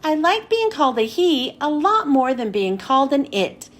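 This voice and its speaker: Woman doing a tiny hamster, squeaky, earnest, high, lively, storybook. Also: moderate pace. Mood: cheerful. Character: small brave male classroom hamster.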